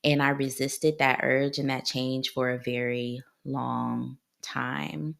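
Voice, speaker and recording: A woman's voice: very deep voice, flat delivery, slow pace, creaky. A woman in her thirties from Ohio, a clinical psychologist hosting her own podcast, talking in a heartfelt, personal way and often repeating herself. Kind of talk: solo podcast monologue.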